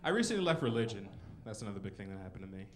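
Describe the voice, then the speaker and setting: A man's voice: lowish voice, very animated, racing, very noisy. A man in his twenties doing a rambling, self-mocking stand-up set in a comedy club. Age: 20s. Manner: rambling, self-mocking, with frequent "you know" and "like".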